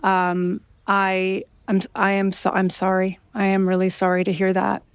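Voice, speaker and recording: A woman guest responding gently and sympathetically, hesitating as she chooses her words. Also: medium pitch, monotone, unhurried, clear, resonant tone, dry recording. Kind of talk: empathetic conversation.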